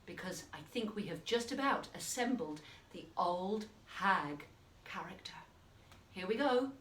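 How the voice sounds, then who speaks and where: A woman teaching a playful children's drama lesson in an animated, encouraging manner. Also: mid-range voice, measured pace. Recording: roomy, distant mic, faint noise.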